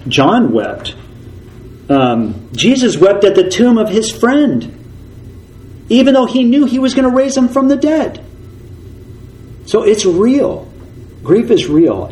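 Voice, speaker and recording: A man preaching a sermon as a pastor. He talks earnestly, repeats key phrases for emphasis and slows down when he reads scripture. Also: high-pitched, darkish tone, low-quality recording.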